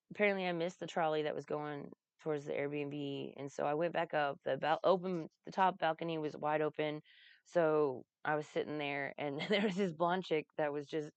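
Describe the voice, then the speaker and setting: A woman's voice: sits low, clear, resonant tone, no room sound, dull audio. A woman telling casual, rambling stories, laughing often and swearing freely. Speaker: vlogger recounting a comedy festival. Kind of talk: casual storytelling.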